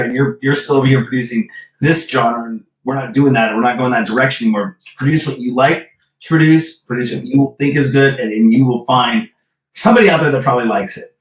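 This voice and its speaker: A man's voice: mid-range voice, brisk. A man hosting an interview over a video call, asking direct questions in a conversational tone. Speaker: interview host. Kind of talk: casual interview chat. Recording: echoey and distant.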